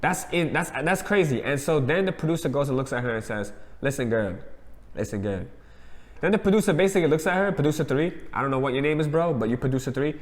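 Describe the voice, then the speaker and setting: Man in a roomy echo, animated slang. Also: a little high, very fast, few pauses. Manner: animated, acts out quotes with slang. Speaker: co-host. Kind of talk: casual reality TV review chat.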